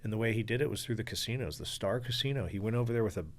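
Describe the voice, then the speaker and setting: A man, a guest on a podcast, telling a story in an animated, rushing way, swearing freely and acting out the voices of people he quotes. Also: fairly low pitch. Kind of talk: storytelling in an interview.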